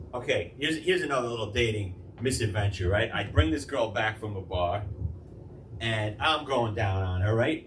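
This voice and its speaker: A man's voice: medium pitch, sharp tone, slight background noise. Rambling stand-up man in an echoey club. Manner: loose rambling delivery with acted-out quotes. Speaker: stand-up comedian. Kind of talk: crude stand-up set. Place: comedy club stage. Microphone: handheld stage mic, recorded from the room. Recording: echoey club recording from far off.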